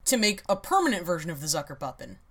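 A woman's voice: fairly low pitch, sing-song, fast, fairly bright tone. A woman hosting a casual podcast, explaining a topic in a wry, rambling way and laughing often. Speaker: podcast host.

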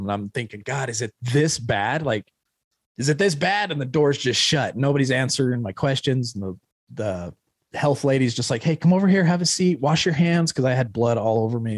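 A man in his thirties, a podcast guest, telling a raw, rambling personal story about recovery and his son's accident, breaking into shouted quotes now and then. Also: mid-range voice, rough recording.

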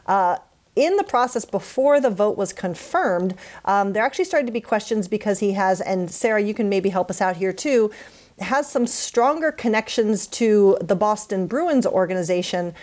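Punning woman podcast host. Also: medium pitch. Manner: punning, self-mocking, lively. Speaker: podcast co-host leading the news segment. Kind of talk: casual chat.

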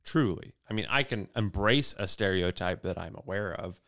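Smooth-voiced man, thoughtful. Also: low-pitched, normal speed, fairly bright tone. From United States. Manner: thoughtful, asks questions, stammers when starting. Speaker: podcast co-host. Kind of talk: casual conversation.

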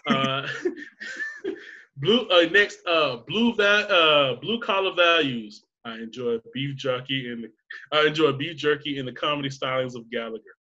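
A man's voice: fairly high pitch, animated, unhurried, pushed and bright, lo-fi sound, full character voice. A man voicing a dim, cheerful lab mouse reading out a checklist. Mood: chirpy.

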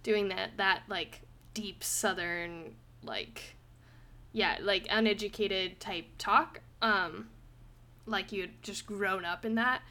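A young woman hosting a casual book review podcast, animated and quick to laugh, with lots of "like" fillers. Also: mid-range voice. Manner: animated, laughs often, says "like" a lot. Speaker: podcast host.

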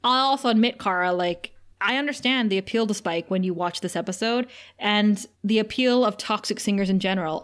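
A Canadian woman co-hosts a podcast in casual, giggly, playful chat, often acting out scenes in different voices. Her medium-pitched voice is animated and a bit bright, at a moderate pace.

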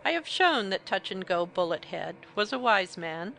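A woman reading a classic story aloud as an audiobook narrator, in a clear, even way. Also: mid-range voice, moderate pace, a little hiss or hum. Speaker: audiobook reader. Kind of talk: scripted narration.

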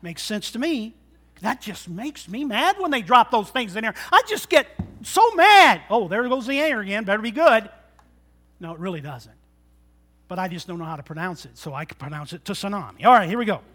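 A middle-aged male pastor preaching a sermon in a church, joking and swinging between loud bursts and quiet asides. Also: high-pitched, lively intonation, a little fast. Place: church sanctuary.

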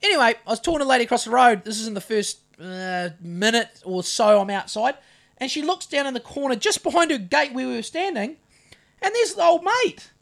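A New Zealand podcast co-host still recovering from covid tells a story in casual chat, swearing constantly while acting out his side of a confrontation. His high-pitched voice has vocal fry, and his delivery is brisk, loud, and lively.

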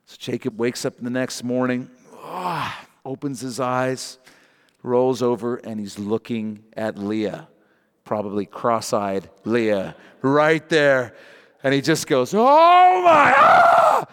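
A male pastor preaching a sermon, reading scripture with animated joking asides and emphatic repetition. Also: mid-range voice, slow pace, clean tone, big-room sound.

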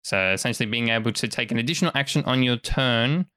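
A man talks through the rules and the story as game master, relaxed and a bit rambling. His voice sits at an ordinary pitch, and the sound is dry and close with no room echo. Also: fast, smooth. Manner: casual, explanatory, frequent fillers. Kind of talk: narrating a tabletop game.

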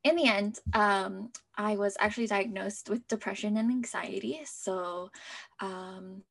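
A young woman telling her personal story as an interview guest, in a chatty way full of "like" fillers, sometimes dropping to a soft near-whisper. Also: mid-range voice, a little slow, vocal fry.

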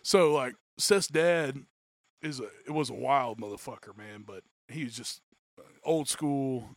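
A man's voice: medium pitch, unhurried, dry recording, studio quality. A man telling profane stories in a casual chat, acting out the quotes. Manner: profane, animated storytelling with acted-out quotes.

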